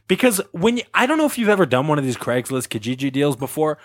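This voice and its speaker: A man's voice: mid-range voice, expressive, quick pace, few pauses, dry recording. A man hosting a casual podcast, telling a long story with laughs and acted-out quotes. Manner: rambling, laughing, acts out quotes. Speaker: podcast host.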